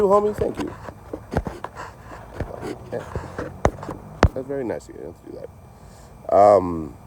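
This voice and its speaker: A man's voice: deep voice, warm tone, slight background noise. A man telling a long story to his live chat in a rambling, laid-back way, swearing constantly and thanking viewers along the way. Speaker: livestreamer telling stories.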